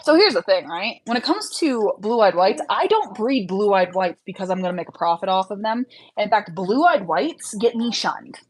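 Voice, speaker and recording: A woman's voice: medium pitch, big pitch swings, normal speed, hardly any pauses, rough recording. A young woman hosting a casual livestream, chatting frankly with viewers and answering their questions with lots of fillers. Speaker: livestream host, rabbit breeder.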